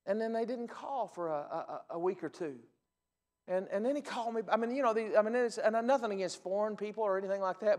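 A man in his forties, a pastor, preaching a sermon and telling stories in an animated, laughing way. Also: high-pitched. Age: 40s. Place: church sanctuary. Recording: reverberant church hall.

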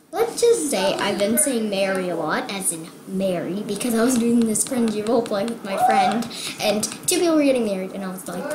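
A young woman vlogging about a game, excitable and rambling, often dropping to a whisper. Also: mid-range voice. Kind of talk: casual gaming vlog. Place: home room. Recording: echoey room with background noise. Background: TV sports broadcast playing.

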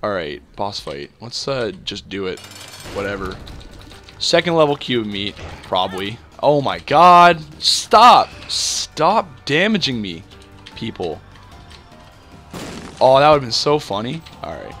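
A man's voice: fairly low pitch, big pitch swings, moderate pace, fairly bright tone, soft background music. Rambling young Canadian man gaming. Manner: rambling, filler-heavy, self-deprecating. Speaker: gameplay commentator. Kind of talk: casual let's-play commentary.

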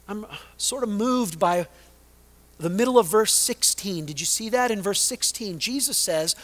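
Male pastor, high voice, deliberate sermon delivery with loud-to-hushed dynamics. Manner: preaching with dramatic swings from loud to hushed.

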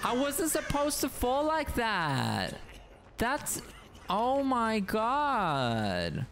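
A young adult streamer giving live gameplay commentary, excitable, swearing and shrieking often, laughing and taunting teammates. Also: medium pitch, very slow, background noise. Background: game music.

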